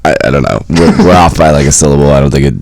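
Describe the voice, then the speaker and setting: A man's voice: rumbling low, fairly even intonation, racing, a little mellow, no echo, poor audio. A young man co-hosting a podcast who talks about films bluntly and swears casually. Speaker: podcast co-host. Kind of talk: casual movie chat.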